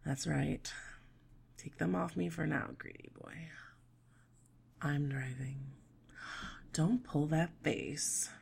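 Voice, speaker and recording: Gravelly low woman in whispered role-play. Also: takes it slowly, pauses often. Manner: teasing, playful and bossy, with soft laughs and murmurs. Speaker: audio role-play performer.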